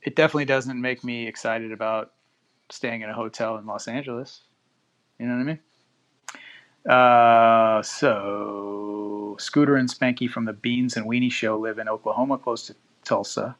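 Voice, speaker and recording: A man's voice: medium pitch, fairly even intonation, moderate pace. A man hosting a live-stream podcast, chatting casually with listeners and reading news aloud with loose, profane asides. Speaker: podcast host.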